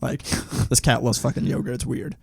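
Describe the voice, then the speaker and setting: A young man co-hosting a podcast, his voice sitting in a middling register. He tells profane stories with a loose, animated delivery, and the recording is dry with no room sound. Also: medium pitch, normal speed, vocal fry, breathy edge, no echo. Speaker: podcast co-host. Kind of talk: casual chat.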